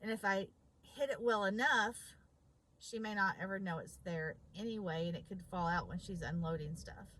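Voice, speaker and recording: A woman's voice: mid-range voice, moderate pace, fairly bright tone, poor audio. A woman vlogger telling a personal story, acting out both sides of a conversation with emphasis. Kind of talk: storytelling vlog.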